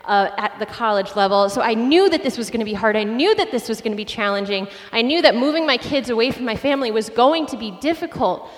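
Animated woman pastor in echoing hall. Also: fairly high pitch, fast talker, hardly any pauses. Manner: animated, self-deprecating storytelling with laughs. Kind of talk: sermon with personal storytelling.

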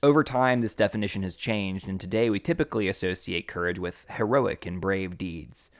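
A man co-hosting a podcast, recapping excitedly and reading a quote in casual chat. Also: fairly quick. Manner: excitable, jumps into squeaky character voices. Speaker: podcast co-host.

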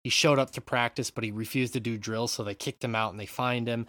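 Brief: male podcast host, mid-pitched, dry close sound, chatty and animated. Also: fairly quick, dry recording. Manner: animated, swears freely, rambling asides. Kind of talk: casual chat.

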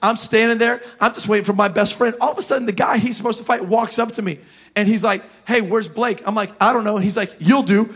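High-voiced young pastor preaching. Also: male voice, quick pace. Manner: animated, builds to shouting. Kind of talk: sermon. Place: church service.

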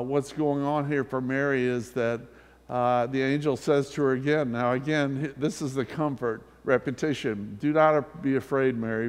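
A man's voice: mid-range voice, smooth. Older guy preaching in church, chatty and easygoing, quotes stuff with a little laugh, big hall echo. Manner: warm conversational preaching with quoted asides and soft laughs. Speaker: pastor. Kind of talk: sermon. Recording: long hall reverb.

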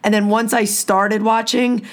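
A woman's voice: mid-range voice, flat delivery, measured pace. A woman co-hosting a casual talk show, ranting and swearing freely. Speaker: podcast co-host. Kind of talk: casual chat.

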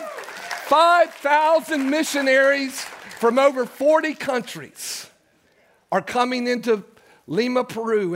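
Male pastor, high voice, impassioned sermon, repeated phrases, church sanctuary, stage mic. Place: church sanctuary before a congregation.

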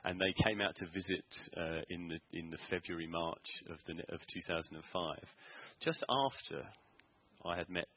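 A man preaches in a church, telling his story in an earnest, halting way. His voice sits very low and sounds husky. The recording is dull and muffled. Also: dry recording. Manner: earnest storytelling with many ums and restarts. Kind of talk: sermon testimony.

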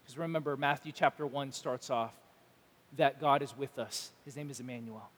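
A man pastor preaching a sermon, animated and emphatic, acting out imagined dialogue. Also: medium pitch, moderate pace, breathy edge, in a large hall.

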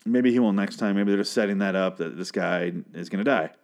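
Guy with a lowish voice rambling thru an episode recap, sarcastic, swears a lot, keeps trailing off. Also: a little fast, creaky, a little mellow. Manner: profane, sardonic, trails off with frequent restarts. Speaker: show recap podcaster.

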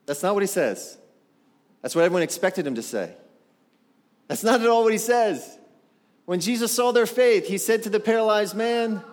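Male pastor, sermon delivery, animated with rhetorical questions, a little high-pitched, long church reverb. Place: church sanctuary.

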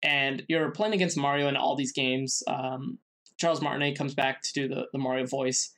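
A man co-hosting a podcast, presenting a researched segment in casual chat, halting with many fillers and restarts. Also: medium pitch, fairly even intonation, a bit bright. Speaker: podcast co-host.

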